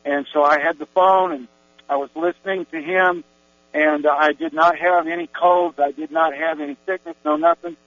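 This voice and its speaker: A man's voice: fairly high pitch, lively intonation, normal speed, creaky, no echo. A man telling his personal religious testimony in a meandering way, with many restarts and fillers. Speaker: Christian giving a personal testimony. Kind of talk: rambling spoken testimony. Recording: tinny phone-like recording with mains hum.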